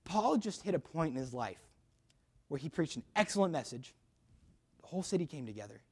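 Giving a school chapel sermon, a young man talks fairly quickly in a husky, slightly high voice. He opens with a funny personal story, joking and lively, then moves on to a Bible passage.

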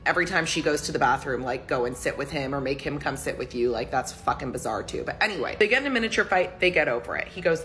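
A woman's voice: sits low, fairly bright tone. A woman telling a story from a date to her followers in a casual, swear-heavy, exasperated rant. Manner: profane, exasperated, fast storytelling. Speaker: TikTok storyteller.

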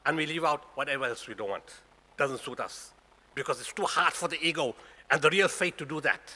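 With a fairly high pitch and a sharp tone, a South African man in his sixties speaks briskly as the guest speaker at Friday prayers. He has a South African accent and presses the congregation with rhetorical questions. The mosque prayer hall adds an echoey reverb.

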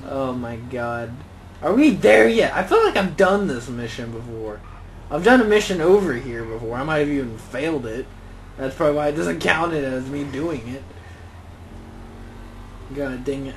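Muttering exclamations, joking and grumbling as he plays, a young gaming channel host loosely rambles through his gameplay commentary in a slightly high voice. It's a rough recording with faint noise hissing beneath it.

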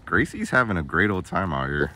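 A young man vlogging casually around his farm and new house, chatting, laughing often and using high baby talk with the animals. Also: big pitch swings, normal speed, bright, forceful tone. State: soaked from rain. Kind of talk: casual vlog narration. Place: outdoors on a farm, and a house under construction.

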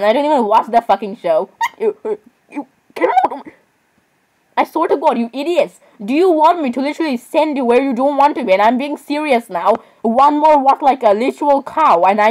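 A teenage girl reacting to videos in a casual vlog, excitable and exclamatory, jumping between loud outbursts and mumbled asides. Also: sits high. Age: teens. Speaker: reaction vlogger.

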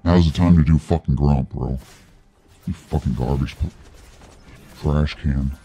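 A man's voice: a bass voice, fairly even intonation, measured pace, warm tone, husky. A man streaming a video game, giving live commentary and ranting angrily and profanely at his teammates.

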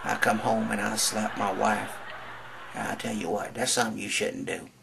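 A man's voice: lowish voice, fairly even intonation, moderate pace, creaky, noisy background. A man telling a crude stand-up story in a drawling country manner, acting out other voices. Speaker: comedian.

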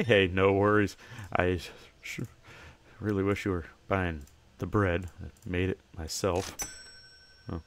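A man's voice: sits low, normal speed, no echo. A young man giving casual gameplay commentary, chatting to himself and breaking into playful, chirpy shopkeeper greetings to customers. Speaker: gamer.

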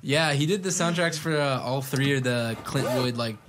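A man's voice: medium pitch, moderate pace, over loud music. A man co-hosting a podcast, rambling casually and hesitating with many filler sounds. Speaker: podcast co-host. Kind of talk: casual chat.

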